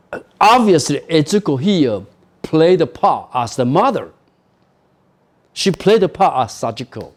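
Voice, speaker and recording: A man lecturing on a novel at a university, explaining slowly with frequent "you know" and "okay?" asides. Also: on the high side, a little mellow.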